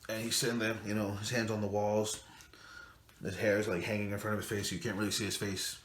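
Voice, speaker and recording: A man's voice: fairly low pitch, flat delivery, quick pace, fairly bright tone. Man casually recapping a movie in an echoey room. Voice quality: loose, rambling retelling with casual swearing. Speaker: movie reviewer. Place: home room, late at night. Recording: echoey room with faint noise.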